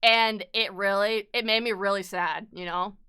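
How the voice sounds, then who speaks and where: A woman's voice: medium pitch, steady tone, moderate pace, pushed and bright, clear, resonant tone. A young woman streaming live, chatting casually and candidly, swearing freely and sounding upset at times. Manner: upset, close to tears at times.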